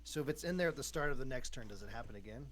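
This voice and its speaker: A dungeon master hosts a livestreamed tabletop session, his medium-pitched voice animated and racing. There's a slight hiss or hum in the audio. He stays upbeat and supportive, calling his players "dude."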